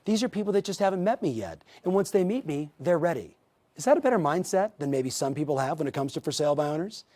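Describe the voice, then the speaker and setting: A man's voice: fairly high pitch, expressive, fast, mellow. A man coaching real estate agents in a motivational training talk, telling stories and speaking straight to the viewers. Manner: storytelling, addresses viewers directly, acts out quoted voices.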